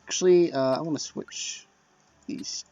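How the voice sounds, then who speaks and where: This man sits on the high side, speaking at a measured pace with a warm tone. He's a let's play commentator, chattily remarking on a strategy game while playing, poking fun at himself and frequently muttering. It's captured on a dull, lo-fi, dry microphone.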